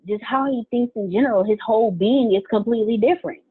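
A woman's voice: mid-range voice, fast, hardly any pauses, husky. A woman chatting candidly in casual talk, laughing and repeating phrases. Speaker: co-worker of the host. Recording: tinny phone-like line.

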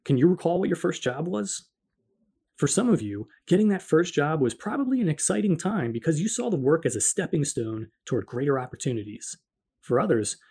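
An earnest male narrator reading his own reflective memoir and posing rhetorical questions to the listener. His voice sits a touch high for a man, yet it sounds mellow and slightly husky. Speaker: narrator of a personal faith story.

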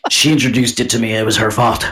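A man's voice: mid-range voice, steady tone, fast talker, pushed and bright. A man co-hosting a podcast, teasing and telling crude stories in casual chat. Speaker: podcast co-host.

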